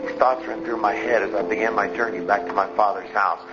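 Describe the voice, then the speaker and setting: An actor playing a repentant young man returning home to his father, speaking in a hesitant, earnest monologue over loud music. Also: fairly low pitch, fairly even intonation, fairly quick, lo-fi sound, close to an everyday voice. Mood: anxious. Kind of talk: dramatic monologue in a church skit.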